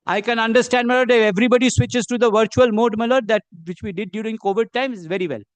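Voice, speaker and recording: A middle-aged man with an Indian English accent arguing before a court as an advocate, halting and constantly addressing the bench, with pointed rhetorical questions. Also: high-pitched, steady tone, no echo. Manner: halting, peppers every phrase with "my lord". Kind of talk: courtroom legal argument.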